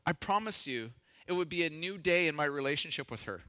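A pastor preaching a sermon, reading scripture in an earnest, measured way with touches of light humor. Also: male voice, a little high, animated, bright, forceful tone, no echo.

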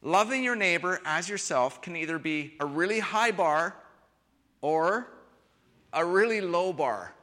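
A man preaching a sermon, switching between quiet reflective lines and loud, emphatic ones. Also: high-pitched, a little slow. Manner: expressive, shifts from soft to loud emphasis. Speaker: pastor. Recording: long hall reverb.

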